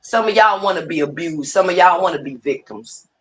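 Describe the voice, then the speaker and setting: A woman's voice: lowish voice, a little fast. A woman hosting a livestream, ranting heatedly and swearing freely at online rivals. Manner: heated, profane, animated. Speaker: streamer host. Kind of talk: profane ranting livestream talk.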